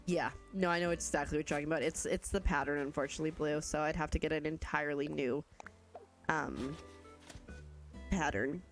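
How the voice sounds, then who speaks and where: A woman's voice: low-pitched, fairly even intonation, fairly quick, soft background music. A young woman from Canada, chatting casually and rambling as she streams a game and answers chat. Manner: chatty, rambling, reads chat aloud, laughs often.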